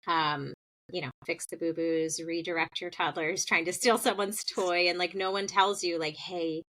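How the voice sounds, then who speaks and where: A woman's voice: on the low side, fairly even intonation, normal speed, bright, forceful tone, poor audio. A woman hosting a parenting podcast, chatting supportively with her guest. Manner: supportive, chimes in with short agreements. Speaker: podcast host. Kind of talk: conversational podcast interview.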